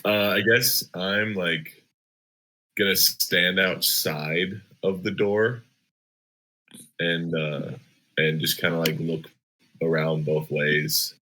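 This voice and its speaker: A man's voice: low voice, takes it slowly, long pauses, sharp tone, low-quality recording. A man taking his turn as a player in a tabletop game, casual and hesitant, with many fillers.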